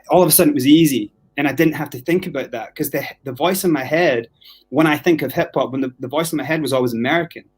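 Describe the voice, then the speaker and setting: A Scottish man in his forties, a podcast guest telling his story in a loose, rambling way, full of restarts. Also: mid-range voice. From Scotland. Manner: rambling, many restarts and fillers. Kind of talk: casual interview storytelling.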